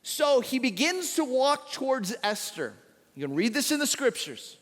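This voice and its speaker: High-voiced man pastor, lively storytelling sermon, recorded in a reverberant church auditorium. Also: moderate pace. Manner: animated storytelling with acted quotes. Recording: echoey large hall.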